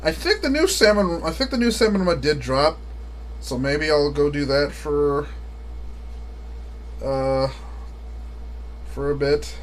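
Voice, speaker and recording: A man's voice: fairly high pitch, lively intonation, slow pace, pauses often, slight background noise. A man chatting casually on a live stream, rambling and often laughing at his own jokes.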